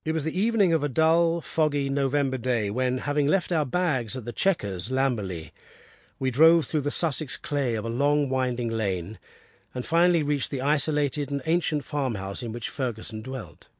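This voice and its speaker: A man narrating an audiobook in a steady, descriptive storytelling manner. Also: medium pitch, moderate pace, dry recording, clean studio sound.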